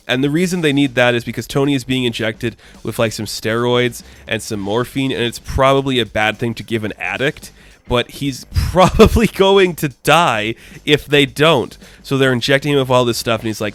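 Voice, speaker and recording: Male comic reviewer, mid-range voice, chatty and excitable, casual swearing, conversational recap. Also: mid-range voice, moderate pace. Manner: enthusiastic, chatty, casual swearing, frequent laughs.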